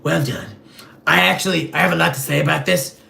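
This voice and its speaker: A man playing a vain, clueless rich male superhero in a comedic livestream sketch, rambling in a deadpan, gravelly voice. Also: on the high side, fast talker, full character voice. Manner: rambling, deadpan, self-absorbed.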